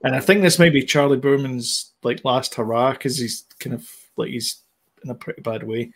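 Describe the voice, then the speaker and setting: A man's voice: mid-range voice, fairly even intonation, moderate pace. A man co-hosting a podcast, talking in a loose, rambling way. He circles back and restarts his sentences often, in an ordinary mid-range voice. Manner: rambling, hesitant, lots of fillers and restarts. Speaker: podcast co-host. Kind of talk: casual chat.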